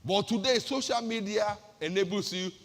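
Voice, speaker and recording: A woman's voice: medium pitch, normal speed, big-room sound. A woman pastor with a Nigerian accent giving an emphatic sermon-style talk, firing off rhetorical questions and repeating her key phrases.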